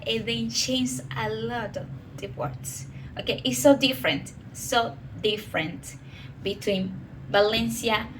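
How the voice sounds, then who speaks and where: A woman in her twenties with a Venezuelan Spanish accent, a native Spanish speaker who talks about herself in halting English and often says "okay". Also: medium pitch, a bit bright, a little hiss or hum, rough recording. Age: 20s. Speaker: professor. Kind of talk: personal monologue.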